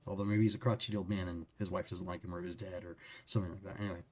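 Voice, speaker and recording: Deep, husky man talking about a book. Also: flat delivery, rapid-fire, darkish tone. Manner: rambling, with many fillers and restarts. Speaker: book reviewer. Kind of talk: casual book discussion.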